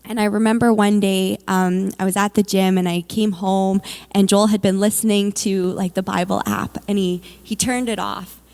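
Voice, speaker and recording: A woman tells her own story of motherhood and faith to a church audience. She speaks candidly and conversationally, often pausing on "like" and "um". Her voice carries a gravelly, fry-touched texture at a mid pitch. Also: little pitch movement, darkish tone. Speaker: mother sharing a faith testimony. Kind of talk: personal testimony at a church service.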